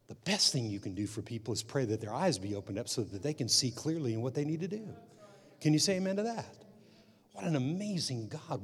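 A man's voice: mid-range voice, slightly rough. Man preaching in a reverberant hall. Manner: preaching with emphatic repetition, rising loud at climaxes. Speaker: pastor. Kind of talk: sermon.

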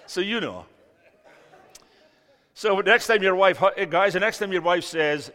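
Guest preacher, man in his 50s: joking, storytelling sermon, loud-to-soft swings, long church-hall reverb. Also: high-pitched, unhurried, pauses often. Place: church sanctuary.

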